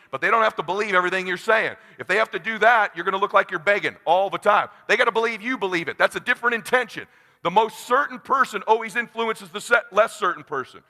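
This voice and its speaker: A man in his forties with a high, gravelly, bright voice lectures a seminar crowd. He is blunt and swings between near-whispers and shouts. A long hall reverb trails every phrase. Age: 40s. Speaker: sales trainer. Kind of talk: motivational seminar speech.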